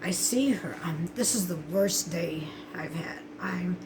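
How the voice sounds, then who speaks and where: A woman's voice: fairly low pitch, a little slow, noisy background. An older woman vlogging casually to camera, tearful and upset, telling a rambling story full of swearing.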